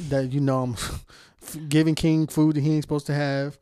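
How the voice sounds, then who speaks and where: A man in a casual podcast chat, a bit high for a man. He rants with heavy profanity and breaks into laughter often. The sound is close and dry, with no room around it. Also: flat delivery, normal speed, dark tone, clean tone, no room sound. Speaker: podcast host.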